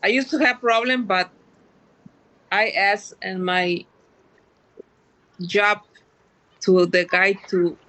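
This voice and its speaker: A man studying English pronunciation, speaking up in class in halting sentences with simple grammar. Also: high voice, steady tone, pushed and bright, poor audio. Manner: halting, restarts, simple non-native grammar.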